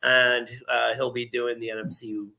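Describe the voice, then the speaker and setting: Bright-voiced rambling male podcast host. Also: mid-range voice, level tone, normal speed, vocal fry. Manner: rambling, laughs often, many restarts. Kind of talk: casual sports chat.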